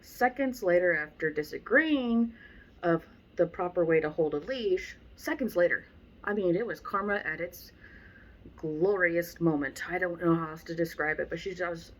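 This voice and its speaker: A woman dog trainer giving a casual lesson, animated and blunt, with exasperated asides about her students. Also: on the low side, moderate pace. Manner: animated, acts out people she describes. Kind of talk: casual instructional talk.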